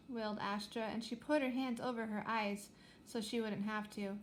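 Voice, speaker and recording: A woman's voice: a little high, moderate pace, a little hiss or hum. Woman reading a storybook aloud. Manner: lively expressive storytelling. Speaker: reader. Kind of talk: reading a children's book aloud.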